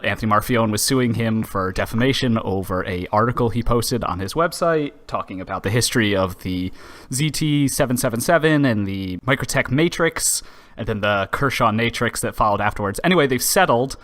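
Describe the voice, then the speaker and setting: A man's voice: medium pitch, a bit bright. A man co-hosting a podcast, delivering news in a blunt, joking, profane way. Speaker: podcast co-host. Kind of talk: casual chat, news segment.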